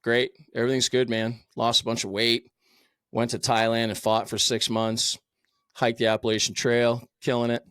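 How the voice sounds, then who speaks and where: A man's voice: mid-range voice, monotone, moderate pace, a bit bright, clean tone, dry recording, clean studio sound. A middle-aged man, a firefighter captain, telling his own story candidly in a blunt, profane way with plenty of fillers. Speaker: podcast guest, firefighter captain.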